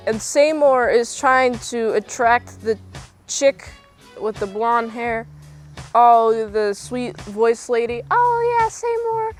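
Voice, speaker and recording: A young woman vlogger recapping a film in a chatty, sarcastic, exasperated way. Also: fairly high pitch. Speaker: movie review vlogger. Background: faint background music.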